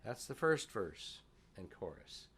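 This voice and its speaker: A man's voice: on the low side, sing-song, slow, a bit bright, slightly rough. A man teaching fiddle at a music workshop, explaining tunes in a folksy, chatty way.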